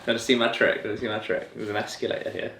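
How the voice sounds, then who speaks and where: A man's voice: on the low side, little pitch movement, very fast, fairly bright tone, slight background noise. Chatty man vlogging. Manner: chatty, joking, rambling with fillers. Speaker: pro cyclist vlogger. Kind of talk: casual chat.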